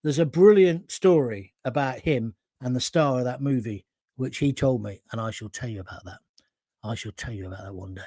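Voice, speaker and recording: A man's voice: medium pitch, moderate pace, mellow, no room sound, studio quality. Chatty man telling rambling anecdotes. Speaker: talk show host. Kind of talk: live show reading viewer comments.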